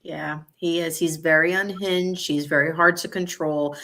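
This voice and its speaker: A woman's voice: low voice, steady tone, moderate pace, sharp tone. A woman co-hosting a chat show, chatty and agreeable, laughing often as she talks. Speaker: co-host. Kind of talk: casual chat.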